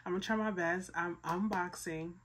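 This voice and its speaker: A young woman from Philadelphia talks through a casual unboxing vlog, thrilled and a bit breathless, tripping over and repeating her words. Her voice sits on the lower side, with a faint hiss behind it. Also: moderate pace. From Philadelphia, USA. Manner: excited, breathless, repeats herself. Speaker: vlogger.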